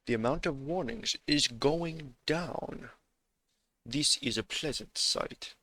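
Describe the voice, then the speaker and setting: A man talks to himself through a live coding stream, reading out errors and half-humming between fixes. His voice is bright and forward, and he speaks at a slow, drawn-out pace with an average pitch. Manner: mutters to himself while coding, hums and sings snatches.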